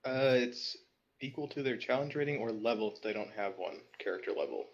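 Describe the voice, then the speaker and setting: A man's voice: mid-range voice, brisk, lo-fi sound. A man playing in a tabletop game, casually explaining rules. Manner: laid-back, explains rules. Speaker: player.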